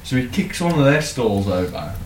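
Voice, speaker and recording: A man's voice: mid-range voice, normal speed, background noise. A man co-hosting a podcast, spinning an improvised story in a casual, sweary way. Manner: sweary, laughing, animated. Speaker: podcast co-host. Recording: echoey room, mic at a distance, faint clicks.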